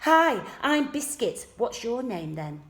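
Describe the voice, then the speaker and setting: A woman's voice: on the high side, sing-song, fairly bright tone, voice pushed up, heavily acted. A woman doing a cheerful chubby schoolboy. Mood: friendly. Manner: friendly, slow, munching. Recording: echoey room.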